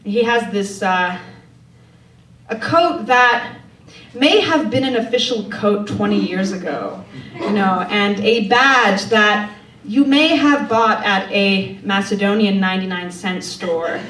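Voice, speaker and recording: A woman's voice: mid-range voice, expressive, slow, fairly bright tone, slight background noise. A woman from Poland, telling a true story live on stage in a wry, conversational way, often laughing as she talks. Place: theater stage before an audience. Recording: echoey room, distant mic, faint ambience.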